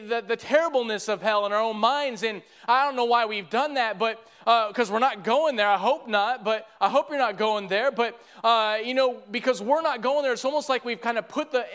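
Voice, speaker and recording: A man's voice: very high voice, fairly bright tone, clean tone. A man. He is earnest and pleading, and he often stumbles and restarts as he builds toward his points. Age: 30s. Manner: earnest preaching with repeated restarts. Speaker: preacher. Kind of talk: sermon.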